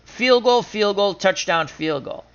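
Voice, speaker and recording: A man streaming a simulated football game, chatting casually and running through scores and stats in quick lists, laughing at his own team's losses. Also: high voice, lively intonation, fairly bright tone, clear, resonant tone. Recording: dull lo-fi sound.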